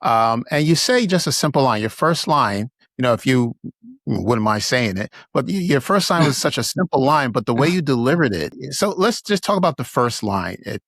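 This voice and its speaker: A man's voice: medium pitch, sing-song, moderate pace, a bit bright, no echo. A podcast host from Brooklyn asking long questions that wander before landing. He sounds keen and upbeat. The recording is close and dry. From Brooklyn, New York. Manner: enthusiastic, rambling questions. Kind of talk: casual interview chat.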